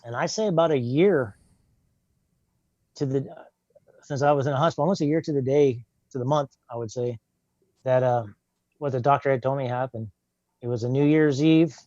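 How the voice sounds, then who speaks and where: An older man, appearing as a guest, tells his life story in plain, earnest words, often acting out what he said back then. His medium-pitched voice is mellow, at a normal speed with long pauses. The recording has no echo, but the highs are cut off.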